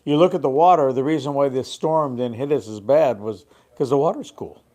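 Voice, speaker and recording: An older man co-hosting a fishing show, chatting casually and telling animated stories about the old days. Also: mid-range voice, fairly quick. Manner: lively storyteller, animated. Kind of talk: casual chat.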